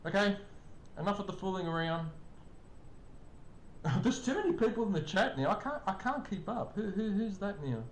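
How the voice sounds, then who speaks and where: Older streamer with a lively voice. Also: normal speed, long pauses. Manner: chatty, greets chat viewers warmly. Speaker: live streamer. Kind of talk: casual live-stream chat. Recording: echoey room, faint rumble.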